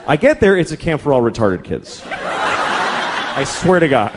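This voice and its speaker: Middle-aged guy doing standup, high voice swinging all over, swears a lot, crowd faint behind. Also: measured pace, very noisy. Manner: animated, exasperated ranting with profanity. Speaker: stand-up comedian. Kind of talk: stand-up comedy routine. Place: large theater stage before a live audience.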